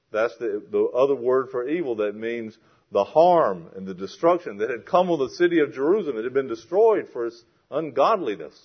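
Male preacher, mid-pitched, emphatic scripture reading, slightly dull recording. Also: husky. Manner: reads scripture aloud in a raised, emphatic voice. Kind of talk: expository sermon.

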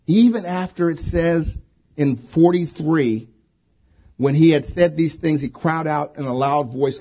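A man's voice: on the high side, a little slow, breathy edge. A man preaching a sermon as a pastor, emphatic and fond of repeated phrases. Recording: dull lo-fi recording.

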